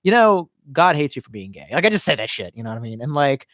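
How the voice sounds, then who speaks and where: A man in his twenties chatting casually on a live stream and reading out chat comments. He swears constantly and rambles, jumping between loud outbursts and quiet mutters, and he sounds drunk. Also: medium pitch, big pitch swings, fast talker, no echo. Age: 20s.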